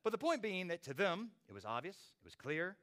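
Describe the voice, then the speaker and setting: Man, sermon, expressive preaching, wide pitch swings, dramatic volume drops. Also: a little fast. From not from Australia. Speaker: pastor.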